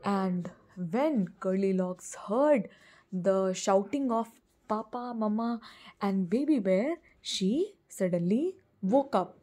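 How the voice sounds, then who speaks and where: Lady teacher reading a kids story slow, stops to explain words, soft mellow voice. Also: medium pitch. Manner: pauses to explain simple words. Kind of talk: storytelling lesson for children.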